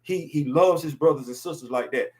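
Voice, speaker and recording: A man's voice: fairly high pitch, a little fast, darkish tone. A man in his fifties hosting a casual opinion show, talking emphatically and repeating words to drive his points home. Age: 50s. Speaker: podcast host.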